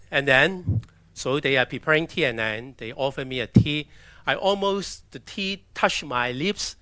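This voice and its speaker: A man from China, telling his personal story as a missionary in a halting way, often restarting his sentences. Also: on the high side, bright, forceful tone, no echo. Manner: halting, with restarts and acted-out quotes. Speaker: missionary speaker. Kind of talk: personal testimony talk with slides.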